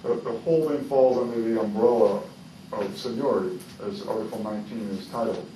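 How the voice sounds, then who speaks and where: Role: union negotiator. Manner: argumentative, halting. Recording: far from the mic, roomy, noisy. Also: male voice, fairly low pitch, mellow. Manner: argumentative, halting with many fillers. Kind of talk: contract bargaining session. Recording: distant, roomy, noisy meeting-room recording.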